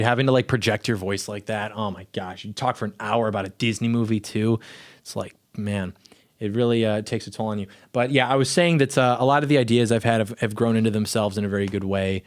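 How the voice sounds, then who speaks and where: A young adult man, a YouTube commentator, chatting casually and rambling to camera from his home studio, often cutting himself off mid-sentence. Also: medium pitch. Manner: rambling, self-interrupting, offhand. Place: small home video studio.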